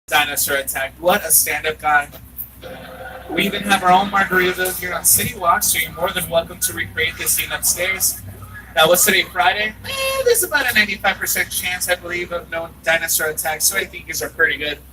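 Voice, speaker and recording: A man leading a theme park tram tour, joking and getting excited as he narrates. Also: high voice, fairly quick, far from the mic, noisy background. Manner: playful, jokey, excitable.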